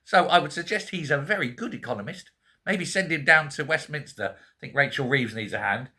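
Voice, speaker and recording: Scottish male vlogger, fairly high voice, chatty and wry, keeps correcting himself mid-sentence. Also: animated, fairly quick, sharp tone. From Scotland. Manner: chatty, joking asides, self-correcting. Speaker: political vlogger. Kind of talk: casual rambling commentary to camera. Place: quiet home.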